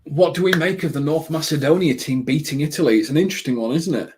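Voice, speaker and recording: A man hosting a live football watchalong, chatting casually with viewers in a rambling way, full of ums and quick excited bursts at the action. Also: on the high side, husky.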